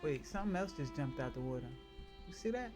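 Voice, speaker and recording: A man from the northern United States, chatting casually on a live stream and thinking out loud in a halting, rambling way. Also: fairly high pitch, animated, music in the background.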